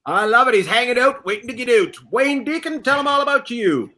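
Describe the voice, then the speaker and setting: High, lively comedian hosting a show. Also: male voice, fairly quick. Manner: laughs often, hypes up his guests. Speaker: host of an online comedy panel show. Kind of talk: playful game-show hosting.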